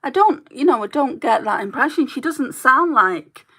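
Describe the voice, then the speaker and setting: A woman's voice: high voice, lively intonation, moderate pace, fairly bright tone, breathy edge, poor audio. A woman beauty YouTuber chatting casually while doing her makeup, rambling and laughing easily as she talks.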